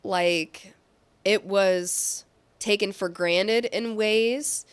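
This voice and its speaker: This tarot reader is a woman whose medium-pitched voice stays steady and smooth, moving extremely slowly. Her casual reading rambles loosely, full of fillers, and she corrects herself as she goes.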